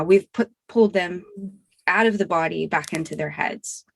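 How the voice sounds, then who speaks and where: A woman guest clinician explaining calmly and gently in a casual panel discussion. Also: on the low side, moderate pace, vocal fry, breathy edge.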